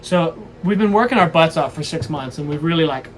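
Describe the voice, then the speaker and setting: A man in his twenties, eager and excitable, showing guests around his sailboat in casual chat. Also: fairly high pitch, a little hiss or hum. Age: 20s. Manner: eager, excitable, quick restarts. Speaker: guest giving a boat tour. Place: aboard a sailboat. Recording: busy background chatter.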